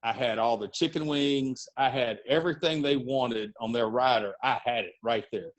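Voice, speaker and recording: A middle-aged man, a music and wrestling promoter, telling anecdotes in a casual podcast interview, lively and full of fillers. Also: medium pitch, moderate pace. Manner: animated anecdote-telling with fillers and acted-out quotes.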